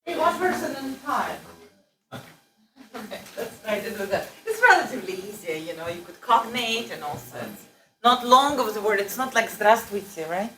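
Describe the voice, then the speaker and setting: A woman's voice: a little high, very animated, moderate pace, background noise. A woman teaching a language class, coaxing and correcting students as they read aloud. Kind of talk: classroom instruction. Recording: roomy, distant classroom recording.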